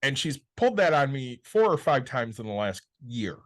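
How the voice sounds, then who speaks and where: A man's voice: mid-range voice, sing-song, normal speed. A man co-hosting a podcast in casual chat, blunt and exasperated, swearing often. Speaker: podcast co-host.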